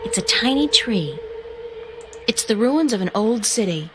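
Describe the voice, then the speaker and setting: A woman's voice: on the high side, animated, unhurried, noisy background. An actress voicing a young woman adventurer in a video game, describing what she sees in a matter-of-fact, observant way.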